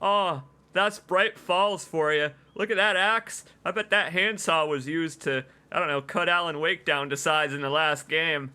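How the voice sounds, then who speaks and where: High, bright-voiced excitable streamer man. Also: a little slow, hardly any pauses, smooth. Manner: excitable, emotional, laughs and gushes. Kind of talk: let's play commentary.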